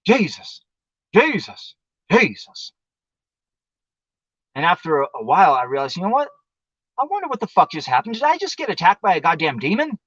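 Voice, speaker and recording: A man's voice: sits high, huge pitch swings, fast, fairly bright tone, no echo, muffled recording. Profane, rambling male livestream host. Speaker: show host. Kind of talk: casual livestream monologue. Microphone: livestream mic.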